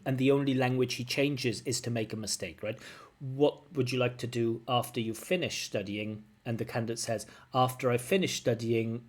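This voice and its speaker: A man, an IELTS examiner, giving frank spoken feedback on a candidate's answers and humming syllables to show intonation. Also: medium pitch. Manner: frank, corrective, demonstrates intonation with hummed syllables. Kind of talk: recorded feedback lesson.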